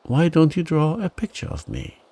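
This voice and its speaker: A man's voice: a little high, wildly swooping pitch, moderate pace, mellow, husky, pitched above the performer's own voice, full character voice. A man doing a fussy talking frog. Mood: coaxing. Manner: fussy, earnest.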